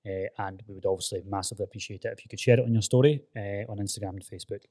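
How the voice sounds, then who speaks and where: A man's voice: lowish voice, fairly even intonation, very fast, warm tone. A man with a Scottish accent hosting a casual podcast chat from a gym, upbeat and chatty, calling his guest "mate". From Scotland. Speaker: podcast host.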